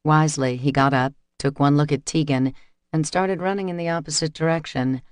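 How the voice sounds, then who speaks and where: A man reading an audiobook in steady, measured scripted narration, recorded close on a studio mic. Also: a little high, clean tone, dry recording.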